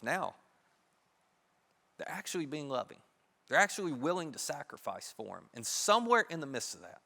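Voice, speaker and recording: A man preaching a sermon, retelling a story in an animated, humorous, conversational way. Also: medium pitch, long reverb tail. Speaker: pastor. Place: church sanctuary.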